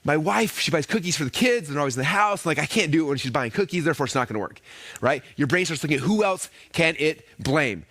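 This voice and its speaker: A man presenting a live online training session, energetic and constantly checking in with his audience, often acting out inner voices. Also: a little high, fast, dry recording. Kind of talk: live sales-training talk.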